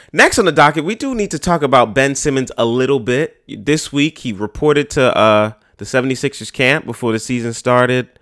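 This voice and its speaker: A man's voice: medium pitch, a bit bright. A man, hosting a podcast in a slangy, profane, rambling way. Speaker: podcast host. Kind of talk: casual podcast chat.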